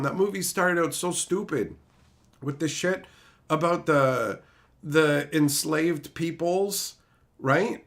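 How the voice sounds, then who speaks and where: A man's voice: on the high side, a bit bright. A man streaming a casual, profane rant, sounding exasperated and incredulous.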